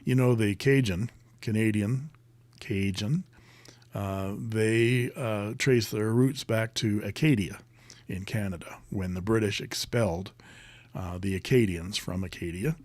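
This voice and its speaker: A man with a lowish voice hosts a casual live stream, reading viewer comments and rambling through answers with plenty of ums and uhs. The sound is dry and close, with no room echo. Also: measured pace, a little mellow. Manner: chatty, rambling, many fillers, reads comments aloud.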